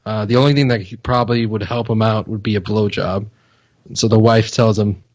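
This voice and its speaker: Husky low-voiced man, laid-back podcast chat. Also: fairly even intonation, brisk, a little mellow, no room sound. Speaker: podcast co-host. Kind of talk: casual podcast banter.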